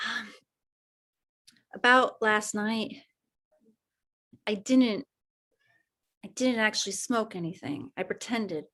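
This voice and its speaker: A woman playing a halting, unsure 50s teen girl. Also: mid-range voice, a bit bright. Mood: confessional. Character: shy, hesitant 1950s teen girl confiding. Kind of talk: live improv comedy scene.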